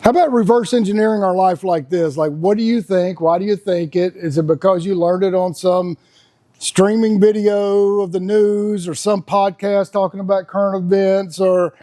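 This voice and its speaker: A man's voice: sits high, fairly even intonation, moderate pace, dark tone. A man, talking in a casual, blunt, folksy monologue as a podcast host. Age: 50s. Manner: folksy, blunt, laughs often.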